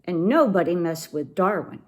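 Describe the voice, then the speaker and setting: A woman reading a picture book aloud to children in an expressive, animated way. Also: lowish voice, normal speed. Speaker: storybook reader for children.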